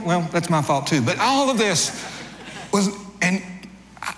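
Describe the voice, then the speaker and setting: A middle-aged man preaching a sermon in a relaxed storytelling manner, his voice sitting a little high for a man. The sound carries a long church reverb with a faint hum of room ambience behind it. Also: normal speed, pauses often. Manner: conversational storytelling preacher, rises in pitch for acted dialogue. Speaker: pastor. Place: church sanctuary.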